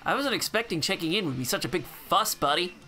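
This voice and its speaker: A man's voice: high voice, expressive, quick pace, pushed and bright, faint music behind. A man voicing a rowdy young hooligan gang grunt from a game, in a put-on British accent, brash and taunting. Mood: cocky.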